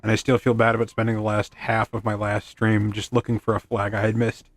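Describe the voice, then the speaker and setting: This streamer speaks fairly quickly in a lowish voice with completely flat delivery, recorded without echo. He rambles casually over his game, cracking self-deprecating jokes and chatting with his in-game horse.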